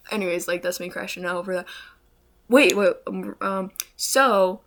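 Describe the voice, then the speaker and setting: A woman's voice: mid-range voice, a little fast, pushed and bright. A young woman vlogging a rambling storytime, full of "like" and "bro" and frequent swearing. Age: young adult. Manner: rambling, swears often, says "like" and "bro" a lot.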